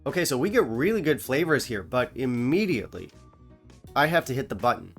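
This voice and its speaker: A man's voice: medium pitch, big pitch swings, fairly quick, soft background music. A man talking through a whisky tasting review in a chatty, opinionated way, with joking asides. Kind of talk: casual review vlog.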